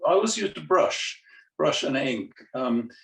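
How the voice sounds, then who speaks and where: A man's voice: on the high side, animated, unhurried, creaky, a bit bright. An older man speaking mildly and hesitantly as an interview guest over a video call, often repeating words. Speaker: comics artist guest. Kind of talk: casual interview chat. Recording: roomy, distant video call audio.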